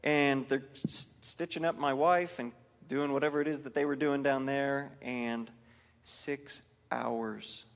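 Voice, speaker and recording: A man's voice: mid-range voice, fairly even intonation, slow pace, long reverb tail. A man leading a worship team rehearsal, talking casually and telling a story in a loose, rambling way with many fillers and restarts. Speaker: worship leader. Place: church hall during a music rehearsal.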